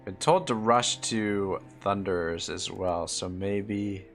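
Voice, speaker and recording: A man's voice: low voice, slow pace, creaky, fairly bright tone, slight background noise. A man with an East Coast Canadian accent giving live commentary on a game he is playing, thinking aloud about his moves and swearing when annoyed. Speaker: gaming live streamer.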